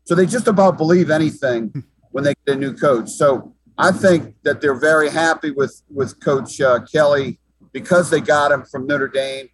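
A man's voice: fairly high pitch, moderate pace, low-quality recording. A man giving sports talk commentary as an analyst, emphatic and often repeating words as he thinks.

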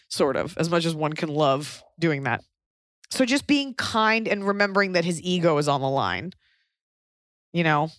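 A woman in her thirties co-hosts a comedy podcast, her voice sitting a little low and recorded dry and close. She rambles through advice in a blunt, crude, joking way, with loose casual chat. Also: animated, normal speed, no echo.

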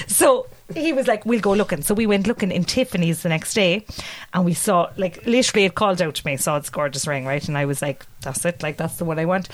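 A woman with an Irish accent, co-hosting a podcast, tells a lively story and often laughs and acts out what people said. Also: lowish voice. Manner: animated, laughing often, mimics voices in quotes. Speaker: podcast co-host. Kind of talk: casual storytelling chat.

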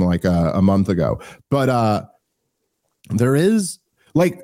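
A man's voice: mid-range voice, dark tone. A man hosting a podcast, chatting about politics in a rambling, joking and profane way. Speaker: podcast host. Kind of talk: casual comedic political chat.

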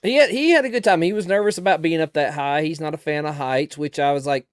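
A man's voice: on the high side, no echo, clean studio sound. A man with a Southern American accent chatting as a podcast co-host, often restarting and repeating words. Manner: halting, repeats words as he talks. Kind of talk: casual chat.

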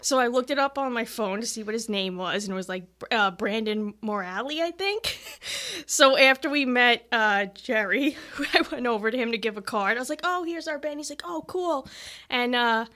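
A woman, a musician guest on a podcast, chatting casually and telling an animated story with acted-out quotes and frequent laughs. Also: on the high side, moderate pace. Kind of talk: casual chat.

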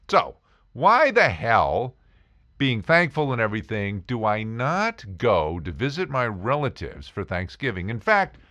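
Middle-aged guy doing a sarcastic comedy monologue podcast, bright voice, swings up and down. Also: lowish voice, vocal fry. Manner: sarcastic, animated storytelling. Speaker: podcast host.

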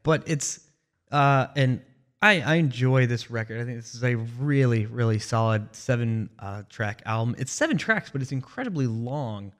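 A man's voice: mid-range voice, lively intonation, normal speed. Male co-host, casual music review talk, hesitant and thoughtful delivery. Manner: thoughtful, hesitant, with many fillers and restarts. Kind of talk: casual album review chat.

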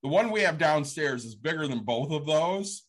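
A man's voice: a little high, expressive, normal speed. A man who owns a rage room business, talking candidly and matter-of-factly in a casual podcast chat.

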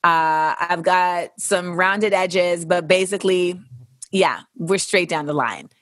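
A woman's voice: lowish voice, slow pace, fairly bright tone, no room sound. Blunt, profane woman podcast host. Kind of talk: casual podcast monologue answering listener questions.

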